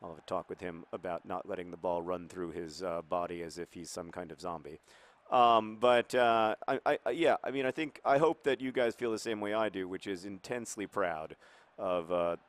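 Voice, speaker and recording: Male gameplay commentator in a mock-manager role, lowish voice, hesitant and rambling, earnest tone. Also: moderate pace. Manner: rambling and hesitant, with many fillers. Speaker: video game commentator, role-playing as a football club manager.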